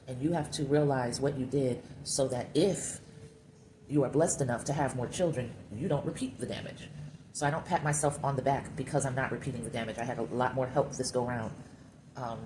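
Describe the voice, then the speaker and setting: A woman sculpting clay while she talks candidly and reflectively to her viewers, calling them y'all. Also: rumbling low. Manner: candid and reflective, musing aloud. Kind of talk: casual talk while sculpting. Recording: steady background noise.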